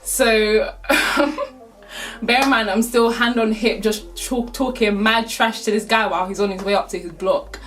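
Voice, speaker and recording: Young girl doing a storytime, loads of slang and swearing, bit high voiced. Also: fairly even intonation, measured pace, a bit bright. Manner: slangy, swears freely, laughs through the telling. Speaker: vlogger. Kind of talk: casual storytime.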